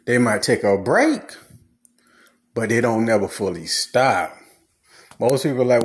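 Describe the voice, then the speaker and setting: A man's voice: medium pitch, animated, a little slow, long pauses. A man giving blunt, preachy relationship advice in a casual, slangy monologue.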